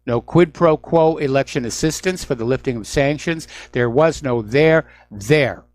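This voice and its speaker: Male radio talk host, news commentary, emphatic, indignant, mid pitch, dry close sound. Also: unhurried, darkish tone, dry recording.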